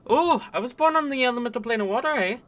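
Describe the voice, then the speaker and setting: Man putting on a high, bright, Canadian-sounding accent, pally water-plane guy, tacks on "eh". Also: animated, fast talker. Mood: boisterous. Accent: Canadian-sounding put-on accent. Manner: tags sentences with "eh", overly friendly. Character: boisterous male water-plane native, chummy and loud.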